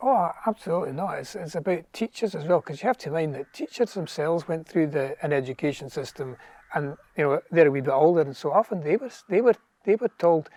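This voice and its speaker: A Scottish man with a voice pitched a little above most men's reads verse in a steady, rhythmic cadence. Between poems he explains his views in an earnest, thoughtful way, as a guest answering questions. The sound is dry and close, with no room echo. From Scotland. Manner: rhythmic, measured reading of verse in Scots. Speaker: writer and interview guest. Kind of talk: poetry reading and conversational interview. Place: garden outdoors.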